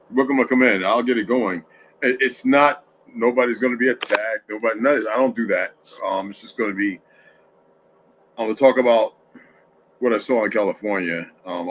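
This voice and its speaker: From his home, a sleepy man runs a casual livestream in a low, slightly bright voice, yawning and rambling with plenty of restarts. A faint hiss sits beneath his speech in this low-quality recording.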